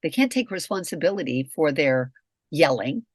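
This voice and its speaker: A woman's voice: low-pitched, animated, moderate pace, no echo. A middle-aged woman co-hosting a talk show, speaking bluntly and candidly about relationships and swearing freely. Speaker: podcast co-host, communication expert. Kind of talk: candid casual conversation.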